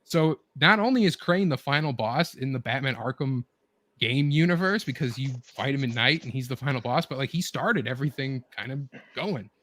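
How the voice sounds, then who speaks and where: A man's voice: mid-range voice, animated, normal speed, fairly bright tone, no echo. Rambling enthusiastic man, dry close sound. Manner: rambling, filler-heavy, eager retelling. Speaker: show host. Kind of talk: casual chat with friends.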